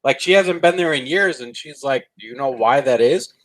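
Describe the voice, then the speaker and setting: A man co-hosting a casual review chat, laughing often and retelling scenes in quick quoted snippets. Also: mid-range voice, lively intonation, rough recording. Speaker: co-host of a cartoon review show.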